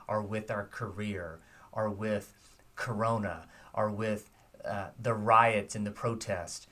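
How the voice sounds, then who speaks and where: A man's voice: fairly low pitch, a bit bright, recorded from a distance. A man giving a short devotional sermon, earnest and reflective, putting direct questions to his listeners.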